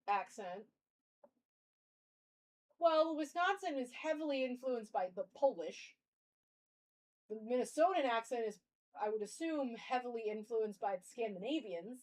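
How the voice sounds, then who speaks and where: A woman's voice: on the high side, a little mellow, low-quality recording. A young woman streamer musing aloud in casual live-stream chat.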